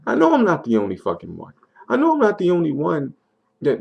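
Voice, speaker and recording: Angry young man vlogging on a dull lo-fi webcam, gravelly and husky, a frustrated rant full of swearing. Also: on the high side, big pitch swings, a little fast. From United States. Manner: frustrated, swearing, repeats himself. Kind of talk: angry video diary rant.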